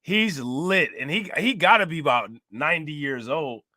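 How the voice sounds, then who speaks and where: A man with a bright, forceful voice riffs on a news clip, laughing and mocking as he goes. The sound is dry and close, with a fairly high pitch for a man. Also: lively intonation, normal speed, dry recording. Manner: loud, laughing, mocking banter. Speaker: show host reacting to a news clip. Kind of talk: casual reaction commentary.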